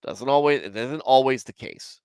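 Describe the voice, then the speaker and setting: A man's voice: mid-range voice, normal speed, darkish tone, clear, resonant tone, no room sound. Candid man in his forties, dry sound. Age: 40s. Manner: self-deprecating and candid, talking to live chat. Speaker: host of a Bible commentary show. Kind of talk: casual Bible commentary livestream.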